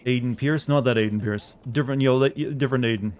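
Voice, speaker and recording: A man's voice: medium pitch, fast talker, darkish tone. A young man streaming a video game, chatting casually with viewers in a rambling way, full of filler words. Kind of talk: casual gameplay chat with viewers.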